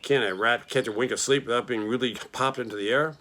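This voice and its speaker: A man's voice: medium pitch, fast talker, pushed and bright, lightly acted. A man voicing a grumpy, selfish male rat who talks in a mocking, complaining way. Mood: disgusted.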